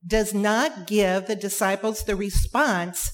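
A woman preaching a sermon, emphatic, with dramatic pauses and repeated phrases. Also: mid-range voice.

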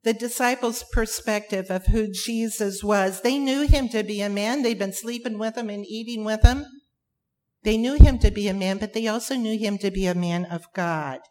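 A woman preaching a sermon, emphatic, with dramatic pauses and repeated phrases. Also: medium pitch, darkish tone.

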